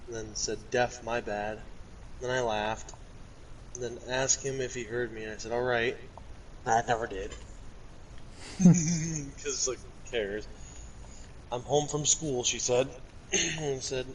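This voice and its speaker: A man's voice: mid-range voice, fairly bright tone, a little hiss or hum, rough recording. A young man in casual chat, recounting and reading aloud a string of text messages. He rambles and swears casually. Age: young adult.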